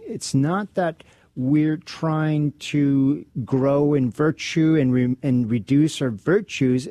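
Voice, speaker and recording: Halting male radio co-host, mellow tone. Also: mid-range voice, no room sound. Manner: halting, many restarts. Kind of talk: casual chat about faith. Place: radio studio.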